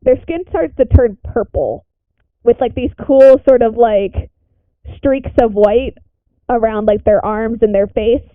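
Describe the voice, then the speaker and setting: A woman's voice: a little high, measured pace, no echo. A woman player narrating casually in a tabletop game, with hesitant, filler-heavy speech. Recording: tinny phone-like call audio.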